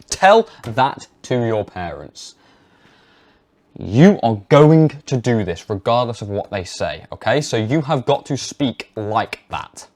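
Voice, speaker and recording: A man's voice: mid-range voice, big pitch swings, slow pace, a little mellow. Emphatic young man vlogging. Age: young adult. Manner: emphatic, mocks hesitant speech. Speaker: health vlogger. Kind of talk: direct-to-camera advice monologue.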